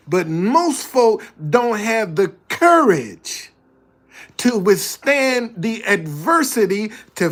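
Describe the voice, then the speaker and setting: A man's voice: sits high, fairly bright tone. A man giving a motivational talk indoors in a preachy way, repeating his key lines for emphasis. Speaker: motivational speaker. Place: indoors, a hot room.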